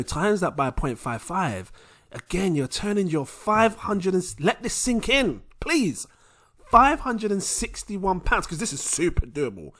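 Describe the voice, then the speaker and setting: A young man hosting a casual crypto vlog, animated and laughing often. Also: a little high. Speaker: crypto video host.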